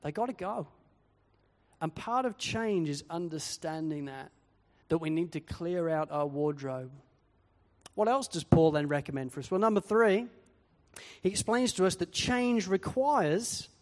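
At a measured pace, a fairly high-voiced pastor delivers his sermon with animation, performing quoted voices as he goes, while the hall's long echo lingers.

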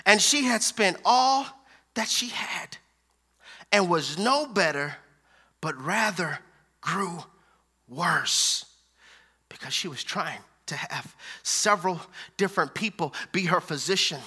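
A man preaching a sermon with emphatic repetition, calling out to his audience and swinging between loud declarations and hushed lines. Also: sits high, lively intonation, takes it slowly, long pauses, husky. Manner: calls out to the audience.

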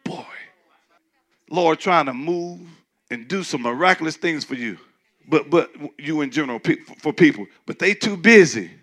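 A man preaching a sermon as pastor, in a loose conversational way, who acts out doubters in a shrill mocking voice. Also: animated, moderate pace, a bit bright. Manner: conversational preaching, mimics skeptics in a high squeal.

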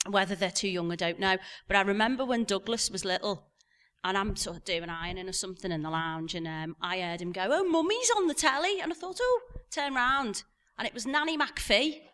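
A woman's voice: medium pitch, fairly quick, sharp tone, clear, resonant tone. A woman with an English accent chatting wryly on a stage panel, joking at her own expense. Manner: wry, self-mocking humour. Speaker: actress on a reunion panel. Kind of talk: live stage Q&A chat.

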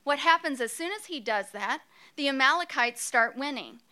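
Bright-voiced woman preaching a sermon. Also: sits high, moderate pace. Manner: earnest, expressive storyteller.

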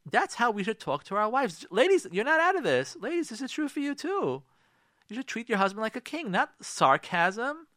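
A man's voice: extremely high pitch, big pitch swings, moderate pace, a bit bright, dry recording, clean studio sound. A man speaking as a rabbi on a radio talk show, giving emphatic marriage advice with repeated rhetorical questions and frequent restarts.

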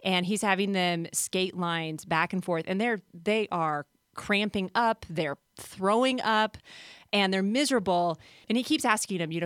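A woman co-host talks in a thoughtful, conversational way on a faith podcast. Her voice sits at an ordinary middle pitch. The recording is close and dry, with no reverb. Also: a little slow, smooth.

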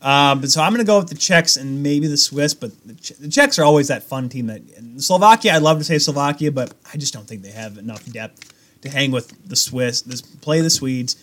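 A man's voice: mid-range voice, fairly quick, fairly bright tone. A man co-hosting a podcast, rambling in casual chat with restarts and self-corrections. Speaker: podcast co-host.

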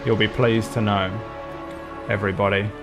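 A man's voice: fairly low pitch, level tone, normal speed, music in the background. A young man narrating as game master in a tabletop game, rambling casually with lots of fillers and frequent laughs.

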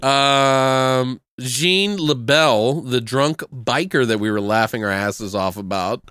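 Male movie-podcast co-host, loose and jokey, bright voice, dry close mic. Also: medium pitch, slow, clear, resonant tone, no room sound. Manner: laid-back, swears freely, jokes and riffs. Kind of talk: casual chat.

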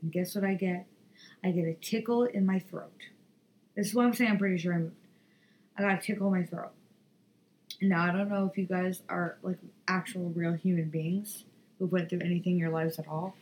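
A tired woman hosting a podcast, telling a story in a profane, rambling, animated way. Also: lowish voice, brisk, slight background noise, rough recording. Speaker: podcast host. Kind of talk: casual solo podcast monologue.

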